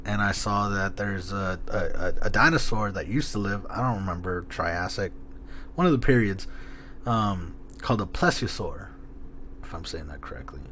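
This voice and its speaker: A man co-hosting a podcast, rambling and excitable with lots of fillers and casual swearing. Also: sits low, moderate pace, slight background noise. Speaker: podcast co-host.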